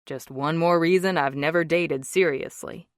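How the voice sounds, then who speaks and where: A protective wealthy young man, speaking in a low-key, firm and steady way with a slightly deepened tone, as a woman reader puts him on. The audiobook sound is dry and close-miked. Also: normal speed, no room sound, close to an everyday voice. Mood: calm. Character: protective rich young man, calm and determined. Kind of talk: audiobook character reading.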